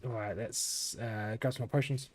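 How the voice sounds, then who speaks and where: A young man talks his way through a live game stream, chatty and thinking aloud, full of ums and false starts. His voice sits at an ordinary middle pitch. A steady background noise runs clearly under the recording. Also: moderate pace. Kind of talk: live gameplay commentary.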